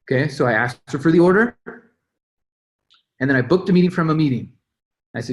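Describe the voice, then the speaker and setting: A man's voice: on the high side, lively intonation, a little fast, pauses often. A young man leading a sales team call, coaching with energy and acting out his own calls and texts. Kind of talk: motivational sales coaching talk.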